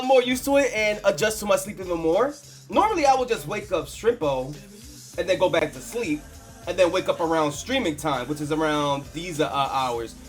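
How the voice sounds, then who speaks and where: A live streamer chatting casually with viewers in a quieter, softer morning voice, rambling and laughing easily. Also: mid-range voice.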